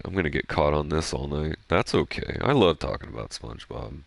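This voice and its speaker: A man chatting casually over gameplay, rambling excitedly and swearing freely. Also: rumbling low, a little fast, vocal fry, hardly any pauses. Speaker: gaming streamer.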